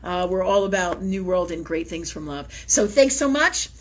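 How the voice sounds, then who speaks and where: A woman's voice: fairly low pitch, normal speed, lo-fi sound. A woman hosting a live spiritual talk show, telling a story casually with lots of swearing and laughter. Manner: profane, laughing storyteller, animated.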